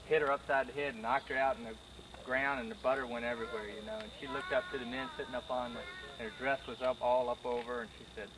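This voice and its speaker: A man telling a joke in a plain, matter-of-fact way at a family gathering. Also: mid-range voice. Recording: home video with background noise.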